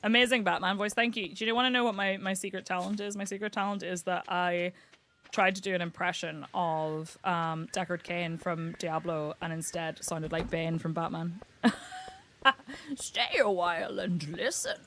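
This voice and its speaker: A woman's voice: on the low side, little pitch movement, moderate pace, a bit bright, a little hiss or hum. A young British woman chatting casually and giggling as she streams a farming game. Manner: giggly, chatty, self-mocking. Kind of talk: casual game livestream chat.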